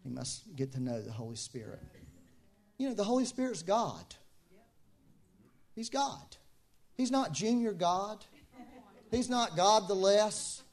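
A man with a notably high speaking voice delivers a sermon in a loose, conversational way. He circles back to his main phrases and says them again for emphasis, with plenty of casual fillers along the way. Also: big pitch swings, measured pace, pauses often, a little mellow. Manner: informal, repeats key phrases, many fillers. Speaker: preacher.

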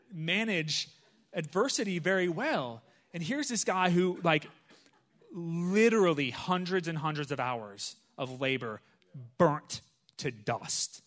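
A man giving a conversational sermon, telling a personal story in a casual, chatty way with frequent pauses and restarts. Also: on the high side, lively intonation, fairly bright tone. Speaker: pastor.

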